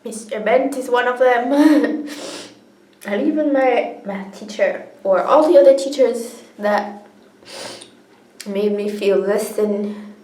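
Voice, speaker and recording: A woman's voice: fairly high pitch, slow pace, pauses often, warm tone. A young woman telling her own story to camera in a candid, earnest way, tearful and laughing often as she talks. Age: young adult. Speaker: vlogger. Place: indoors, sitting on the floor. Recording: echoey room.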